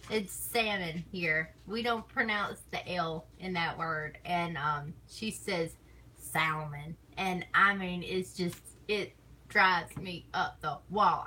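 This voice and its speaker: A woman with a Southern US accent hosts a relaxed live stream from her computer at home, chatting in a bright, clear voice. She takes her time, drawling along at an unhurried pace, laughing often and teasing her listeners. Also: on the low side, a little hiss or hum, poor audio. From American South. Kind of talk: casual live-stream chat.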